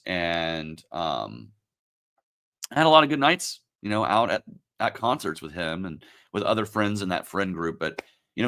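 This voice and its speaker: A man turning forty, hosting his own livestream and talking in a reflective, halting, emotional way, with many pauses and fillers. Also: lowish voice, a bit bright. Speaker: livestream host. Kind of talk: casual livestream talk.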